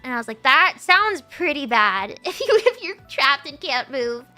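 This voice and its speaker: High, bright, giggly young woman. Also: sing-song, soft background music. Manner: giggly, halting, with frequent laughs and restarts. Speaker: streamer. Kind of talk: casual storytelling.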